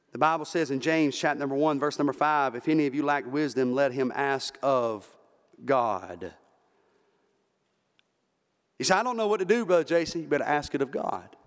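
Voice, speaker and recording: A man with a Southern American accent preaching a fervent Baptist sermon from the pulpit, rising to shouts at the peaks. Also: medium pitch, steady tone, a little fast. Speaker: pastor. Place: church sanctuary. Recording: long church hall reverb.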